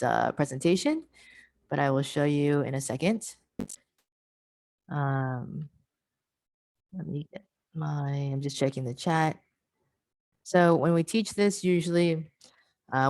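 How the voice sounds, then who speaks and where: Low-voiced woman teaching over video call. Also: dry recording, clean studio sound. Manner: patient, repeats key points for emphasis. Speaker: workshop presenter. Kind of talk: online teacher workshop.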